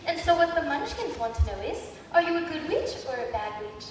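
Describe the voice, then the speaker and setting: A woman's voice: high voice, very animated, fairly quick, slight background noise. A teenage girl playing a kind, cheerful good witch in a school stage play, with a sweet, sing-song delivery. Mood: gentle. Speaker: student actor. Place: large school auditorium. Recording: echoey hall from far off.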